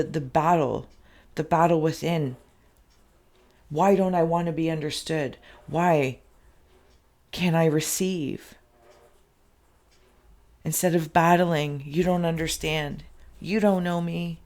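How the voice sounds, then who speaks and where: A spirit reader hosting an inkblot reading, with a gravelly, fry-edged voice at an ordinary middle pitch. The talk wanders in loose, repeated phrases and turns emotional, often sinking into soft half-whispers. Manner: loose, repetitive phrasing with many fillers. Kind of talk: channeled spirit reading, spoken freely.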